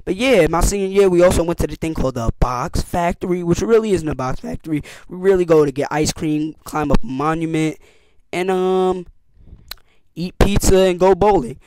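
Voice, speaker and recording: Sitting high in pitch and speaking at a normal speed, a teenage boy tells camp stories for his casual YouTube vlog. He uses slang, stays animated, and acts out what people said with big vocal jumps. There's no room sound.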